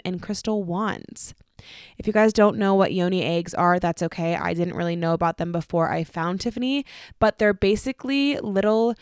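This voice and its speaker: A woman's voice: on the low side, smooth, no echo, studio quality. A young woman hosting her own podcast, talking chattily and bubbling over with enthusiasm, sometimes poking fun at herself. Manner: bubbly, chatty and self-deprecating. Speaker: podcast host. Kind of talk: solo podcast intro.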